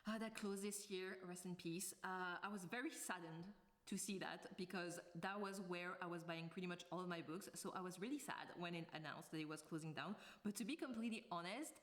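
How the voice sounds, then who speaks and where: A woman's voice: on the low side, brisk. A woman book vlogger talking to camera in a casual, chatty way, drifting into tangents and laughing often.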